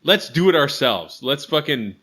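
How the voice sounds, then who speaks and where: A podcast co-host in casual chat who swears a lot and jumps to loud exclamations. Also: mid-range voice, big pitch swings, moderate pace.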